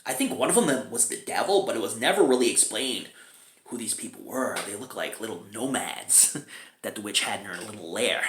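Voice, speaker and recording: A man's voice: fairly low pitch, expressive, normal speed, fairly bright tone, a little hiss or hum. Chatty man reviewing a film, roomy echo. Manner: chatty, chuckles often. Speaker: movie reviewer.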